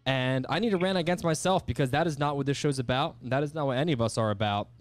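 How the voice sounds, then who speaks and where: A man's voice: mid-range voice, quick pace, no room sound, soft background music. Earnest male sports podcast co-host. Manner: earnest, lists stats, self-correcting. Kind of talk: casual sports chat and rants.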